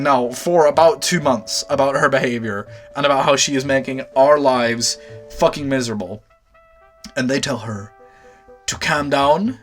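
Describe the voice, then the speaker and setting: A young man telling a storytime anecdote, exasperated and swearing, with animated outbursts. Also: medium pitch, moderate pace, soft background music. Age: young adult. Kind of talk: storytime vlog.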